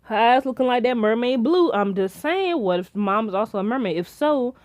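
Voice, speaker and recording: A young woman reviewing a TV episode in casual chat, rambling and excitable with many restarts and fillers. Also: fairly high pitch, a little fast, dry recording. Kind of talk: casual episode recap and theorizing.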